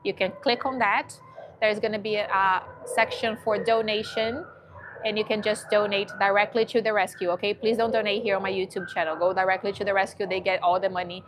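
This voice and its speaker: A woman's voice: medium pitch, level tone, fairly quick, noisy background. A woman chatting casually on a livestream from a dog shelter, emotional and cooing at a shy dog.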